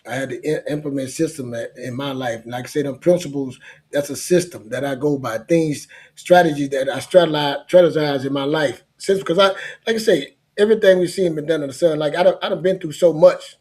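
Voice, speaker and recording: A man's voice: fairly high pitch, a little fast, a little mellow. A middle-aged man talking in a casual chat, earnest and rambling, often repeating himself.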